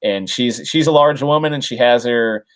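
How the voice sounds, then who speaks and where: A man's voice: mid-range voice, normal speed, clean tone. A man co-hosting a casual comics podcast, recapping a story with lots of ums and restarts. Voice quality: rambling, many fillers. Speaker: podcast co-host. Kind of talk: casual chat.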